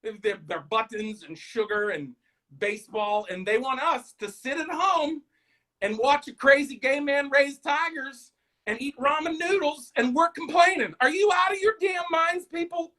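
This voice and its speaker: A man's voice: very high-pitched, expressive, normal speed, pushed and bright, rough recording. Rambling joking man in his thirties. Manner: joking, rambling, self-deprecating, addresses viewers as "guys". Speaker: comedian hosting a live stream. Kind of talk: rambling stand-up style chat.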